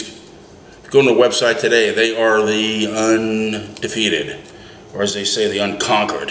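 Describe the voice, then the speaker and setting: A man's voice: lowish voice, a bit bright, slight background noise. A man who drives a cab, giving a heated, emphatic political rant full of rhetorical questions. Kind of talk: opinionated political rant vlog. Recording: echoey room, faint ambience.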